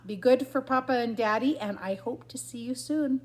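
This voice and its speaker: An older grandmother reading a picture book aloud to her grandchildren in a lively sing-song manner. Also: on the high side, normal speed. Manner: sing-song, lively storyteller, barks and yips for the dogs. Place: at home. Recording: roomy echo.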